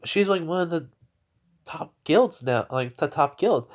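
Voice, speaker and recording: A young man telling an improvised fan-fiction story in a halting way, with many restarts and fillers. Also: fairly high pitch, animated. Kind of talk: casual improvised story narration.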